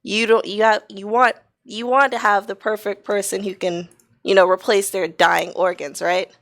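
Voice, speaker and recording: A woman argues back over a headset mic, sharp-tongued and mocking. Her voice has a gravelly fry running through it. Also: mid-range voice, fairly even intonation, normal speed. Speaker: voice chat participant. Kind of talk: heated casual argument.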